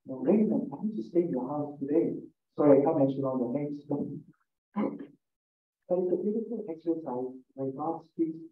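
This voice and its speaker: Animated preacher on a tinny call. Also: male voice, on the high side. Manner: animated storyteller, voices Jesus' words, laughs warmly. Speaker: priest giving a scripture reflection. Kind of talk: informal sermon. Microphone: video call. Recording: echoey, distant, phone-like online call.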